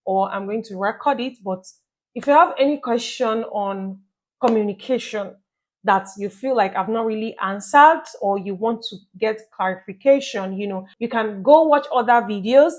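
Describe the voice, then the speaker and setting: A woman giving relationship tips in a casual vlog, chatty and lively, often checking in with the listener. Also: mid-range voice, normal speed. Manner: chatty, asks listeners "you get my point?"; acts out little scenes with playful quoted voices. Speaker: relationship advice vlogger.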